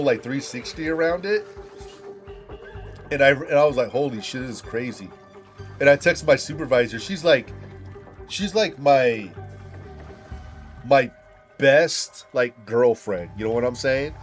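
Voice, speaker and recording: A young man streaming a game, telling a rambling, profane story and saying "dude" and "like" a lot. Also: mid-range voice. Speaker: gaming streamer. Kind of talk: casual storytelling while gaming.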